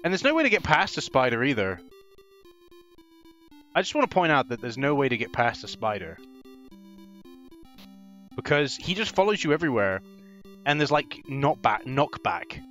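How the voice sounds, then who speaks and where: Excitable man narrating a retro game. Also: medium pitch, moderate pace, pauses often, soft background music. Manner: excitable, swears and laughs, yelps at enemies. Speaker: gaming channel host. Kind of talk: let's play commentary.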